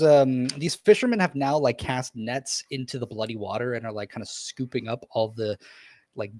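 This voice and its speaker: A man's voice: mid-range voice, dry recording. A young man narrating as dungeon master in a tabletop game, describing scenes loosely with many fillers.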